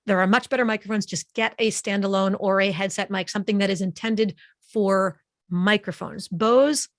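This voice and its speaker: A woman presents a webinar to her audience in a lively, conversational manner. Her voice sits in the middle of the range and comes through a close microphone in a dry, unreverberant space. She talks like a friendly teacher who acts things out. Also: medium pitch, normal speed, no room sound. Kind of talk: online presentation. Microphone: studio microphone up close.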